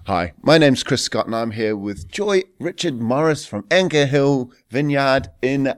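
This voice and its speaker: A man's voice: mid-range voice, a little slow, clean tone. Chatty New Zealand man hosting. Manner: chatty and jokey. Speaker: host. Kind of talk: casual interview.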